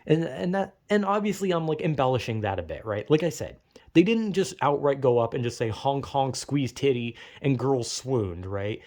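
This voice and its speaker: A man's voice: medium pitch, very animated, normal speed, a little mellow. A young man telling a rambling, profane, self-mocking comedic story.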